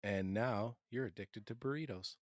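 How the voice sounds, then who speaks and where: Man, podcast co-host, very deep voice, dry close sound, relaxed wry remarks. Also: normal speed, no room sound. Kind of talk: casual chat.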